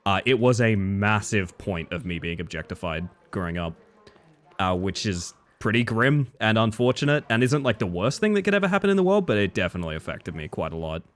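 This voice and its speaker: A man with a lowish voice chatting candidly on a live stream. His pitch swings widely as he talks, and he trails off and restarts his sentences. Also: animated, brisk. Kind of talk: casual live-stream chat.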